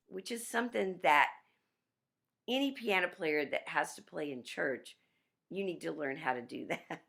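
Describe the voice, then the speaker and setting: A woman piano teacher giving a workshop over a video call, chatty and animated, with restarts. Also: low voice, gravelly.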